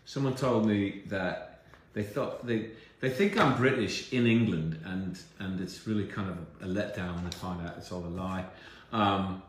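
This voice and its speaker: A middle-aged American man chatting casually while signing autographs, relaxed and rambling with many fillers. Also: low-pitched, a little slow. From United States. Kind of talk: casual chat during a live autograph stream. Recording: very echoey room, faint background hum.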